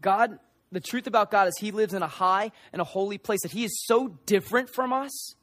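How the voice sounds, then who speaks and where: A young male preacher delivers an impassioned sermon in a high voice. He acts out the lines of the people in the story as he goes. The sound is close and dry, with no room echo. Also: fairly quick, a bit bright.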